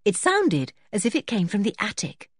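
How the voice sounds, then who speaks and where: A woman's voice: mid-range voice, huge pitch swings, moderate pace, slightly rough, no room sound, clean studio sound. A woman narrating a children's storybook expressively and switching into voices for the characters. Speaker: audiobook reader.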